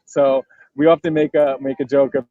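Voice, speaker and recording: A man co-hosting a podcast from somewhere else, relaxed and laughing, asking long rambling questions. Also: medium pitch, normal speed, no room sound, muffled recording. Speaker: podcast co-host. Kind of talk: casual podcast chat.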